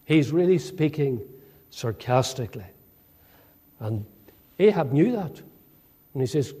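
A man teaching from the Bible in a sermon, his voice husky and somewhat high. He speaks in a measured way, with many fillers, and acts out the speech of the people he quotes. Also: big pitch swings, warm tone. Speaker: preacher.

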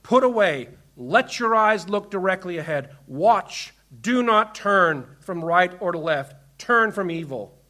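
High-voiced man preaching with emphasis. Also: lively intonation, measured pace, hardly any pauses. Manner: emphatic, swinging between loud commands and hushed asides. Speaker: pastor. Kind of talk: sermon.

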